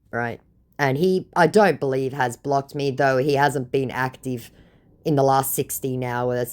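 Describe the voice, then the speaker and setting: A woman hosting a scam-baiting video, giving dry, mocking commentary on the chats she read out. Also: rumbling low. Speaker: scam-baiting channel host. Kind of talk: sarcastic commentary on chat screenshots.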